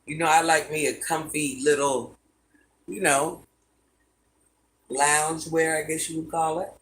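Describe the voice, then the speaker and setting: There's a little hiss or hum behind this low, steady voice, which moves a little slowly. The speaker, a woman in her fifties, hosts a casual livestream from home, reading viewer comments aloud and answering each in an easygoing way.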